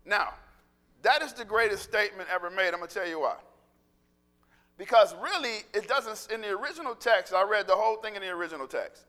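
A man preaching a sermon in a large church hall, excitable and animated, tripping over his words as he builds up. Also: high-pitched. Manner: excitable, animated, with quick restarts and laughter. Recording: echoey hall with long reverb.

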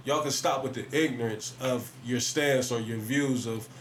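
A man leads a relaxed discussion, his pitch sitting in the middle range. He talks loosely and keeps adding "you know what I mean" asides. A faint hum of background noise sits under his voice. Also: moderate pace. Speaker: podcast host. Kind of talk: casual discussion.

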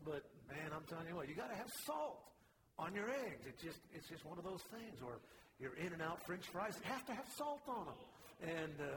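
A man's voice: on the high side, big-room sound, background noise. A man preaching a sermon in a folksy, conversational way, with small personal asides. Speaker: pastor.

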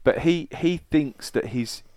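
A man's voice: medium pitch, measured pace, dark tone, dry recording. A man co-hosting a casual podcast chat, hesitant and full of tag questions. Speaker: podcast co-host.

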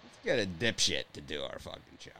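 A man with a very low voice hosts a casual sports betting chat, rambling and teasing his co-hosts. His pitch swings widely as he jokes. A faint hiss sits under the call. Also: big pitch swings, brisk, bright, forceful tone. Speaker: sports betting show host. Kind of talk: casual banter podcast.

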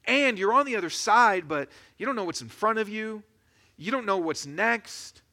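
A man preaching a sermon as a pastor, in a conversational, animated storytelling manner. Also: high-pitched, moderate pace.

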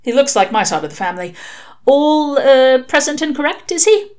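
Woman reading tired middle-aged dad, mild, hesitant, bewildered, lively pitch, storybook. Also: moderate pace.

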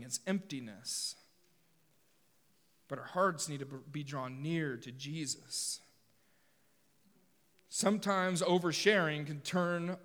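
Animated man preaching in a reverberant hall. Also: a little high. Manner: animated, joking asides with the congregation. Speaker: pastor. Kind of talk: sermon.

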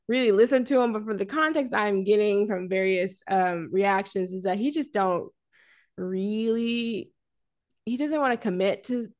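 A woman co-hosting a podcast, chatting casually about a film, animated and laughing often as she riffs. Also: fairly high pitch. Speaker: podcast co-host.

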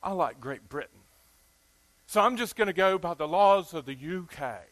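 A man's voice: high voice, animated, normal speed, fairly bright tone. A man with a Southern US accent playing a driver who fakes a clumsy British accent. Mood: mocking.

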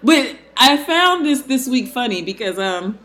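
A woman's voice: on the high side, big pitch swings, unhurried, fairly bright tone. A woman co-hosting a casual podcast chat, talking loosely with many fillers and frequent laughs. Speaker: podcast co-host.

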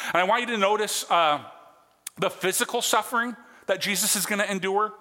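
A man's voice: high-pitched, sharp tone. A man preaching a sermon as a pastor, earnest and conversational, checking in with his congregation. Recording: long hall reverb.

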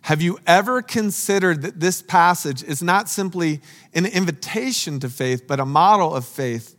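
A man preaching a sermon, speaking slowly and earnestly with emphatic, dramatic pauses. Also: high-pitched, expressive, fairly bright tone, long reverb tail.

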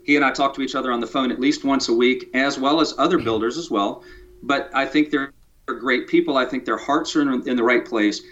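A man's voice: medium pitch, brisk, fairly bright tone. A man, a guest on a podcast interview, talking casually in a joking way that turns detailed and technical. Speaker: podcast guest, tiny house builder. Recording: dull lo-fi sound.

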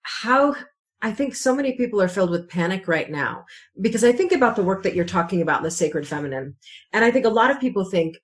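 A woman hosting a podcast interview with a voice of middling pitch. She asks reflective, measured questions at an unhurried pace. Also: animated. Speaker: podcast host.

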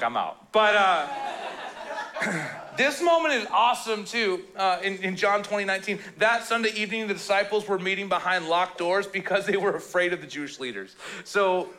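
A male pastor preaching a casual sermon, telling stories in a jokey, animated way and slipping into playful quoted voices. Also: high-pitched. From Canada.

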